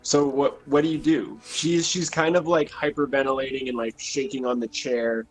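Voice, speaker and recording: A man's voice: mid-range voice, fairly even intonation, normal speed, soft background music. Man running a tabletop game. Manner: casual, filler-heavy narration. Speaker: game master.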